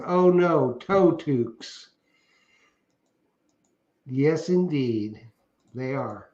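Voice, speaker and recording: A man's voice: on the high side, a little mellow. Joking middle-aged man, roomy lo-fi audio. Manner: joking, rambling, laughs at his own stories. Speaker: livestream co-host reading viewer comments. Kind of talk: casual chat. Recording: roomy, dull lo-fi stream audio.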